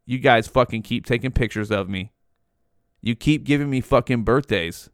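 Bitter, weary old male cat, voiced by a man in his own clear tone, complaining and fed up. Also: mid-range voice, normal speed, no echo, clean studio sound, natural voice.

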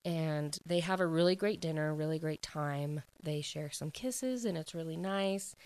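A woman's voice: deep voice, measured pace, a little mellow, smooth. A young woman casually recapping a romance novel's plot, chatty and full of "like", acting out the characters' lines. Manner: chatty, heavy use of "like", acts out quotes. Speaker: book reviewer.

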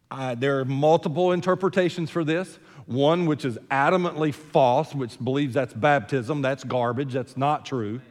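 Older pastor preaching, echoing hall. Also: male voice, a little high. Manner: conversational, joking asides, repeats words when starting. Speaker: senior pastor. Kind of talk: sermon. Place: church sanctuary.

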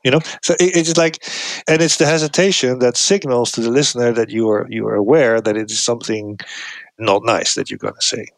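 A man's voice: medium pitch, fairly even intonation, a little fast, gravelly, dry recording. A middle-aged man explaining his research casually, thoughtful, often restarting phrases and acting out example replies. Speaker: guest researcher.

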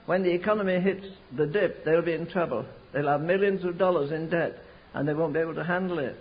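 An older man preaching a sermon, telling stories slowly and rising to fervent pleas. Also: on the high side. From England. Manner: storytelling with slow emphatic stretches, rising to fervent pleas. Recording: muffled lo-fi sermon recording.

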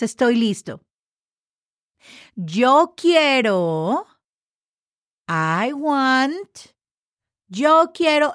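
A woman leads a podcast Spanish lesson, repeating each phrase and spelling words letter by letter. She switches easily between English and Spanish. Her voice sits at a middle pitch, recorded dry and close. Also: no echo. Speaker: Spanish teacher.

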